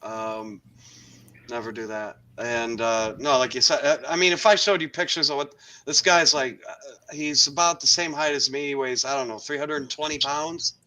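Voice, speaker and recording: A man with a bright, forceful voice chatting on a podcast. He tells his anecdotes wryly, pausing on "um" as he goes. The delivery is relaxed and unscripted. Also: mid-range voice, rough recording. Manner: dry, wry, with frequent ums. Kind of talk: casual chat.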